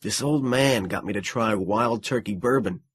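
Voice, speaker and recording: Male reader as a worn-out man off a starship for an audiobook: quiet, husky, wry. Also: fairly low pitch, normal speed. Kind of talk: audiobook character reading.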